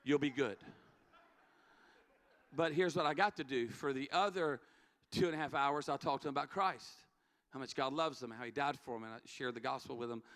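A man's voice: mid-range voice, fairly quick, a bit bright. A middle-aged man, a pastor, telling a story in an earnest sermon, repeating key words for emphasis. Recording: long hall reverb, faint music. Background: faint music.

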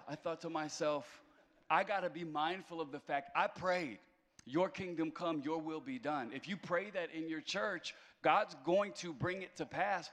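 A man's voice: on the high side, fairly bright tone, in a large hall. A man preaching a conversational sermon as a pastor, mixing self-deprecating humor into his message.

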